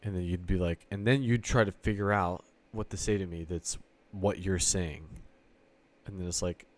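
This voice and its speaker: A man's voice: low voice, fairly even intonation, moderate pace, darkish tone. A man from Sicily talking casually in an online chat, circling through a rambling argument and swearing freely as he acts out both sides of an imagined exchange.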